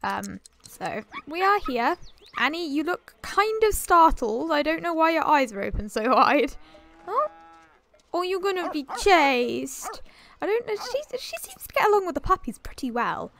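A woman's voice: sits high, very animated, unhurried, vocal fry, fairly bright tone, slight background noise. A British woman giving chatty, rambling commentary on her life-sim game and talking to the characters. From Britain. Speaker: gameplay commentator.

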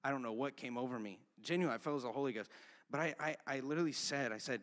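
A man's voice: mid-range voice, rapid-fire, a bit bright. Young male preacher in a reverberant church. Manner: casual, conversational preaching with storytelling. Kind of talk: sermon. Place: church sanctuary. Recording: long church-hall reverb.

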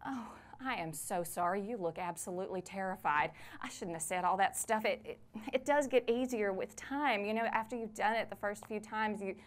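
A woman's voice: mid-range voice, moderate pace, lightly acted. A woman playing a chatty, weary mother of four whose husband is in prison. She speaks, rambles in a friendly way and scolds her kids between sentences. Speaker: stage actor in a one-woman play. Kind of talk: theatrical monologue.

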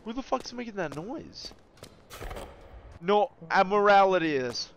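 Jumpy young man, high lively voice. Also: unhurried, gravelly, highs cut off, a little hiss or hum. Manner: profane, jumpy, yelps and shouts when startled. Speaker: gaming video creator. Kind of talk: casual horror game commentary.

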